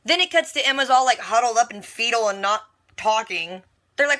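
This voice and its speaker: Chatty woman recapping a tv episode, bright voice, animated, lots of asides. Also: mid-range voice, quick pace. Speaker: reaction vlogger.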